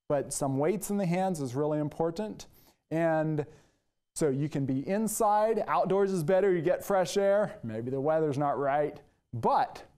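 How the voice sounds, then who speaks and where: A man's voice: a little high, darkish tone. A man, a nurse, teaching a workout and counting out the moves, upbeat and a little out of breath at times. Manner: upbeat coaching, counting out moves while exercising. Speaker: nurse demonstrating exercise. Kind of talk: exercise demonstration lesson.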